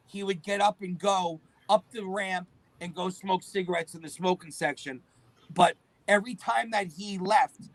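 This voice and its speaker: A middle-aged man, a guest telling lively stories and acting out the dialogue. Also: high voice, low-quality recording. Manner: animated storyteller acting out quoted dialogue. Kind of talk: storytelling interview.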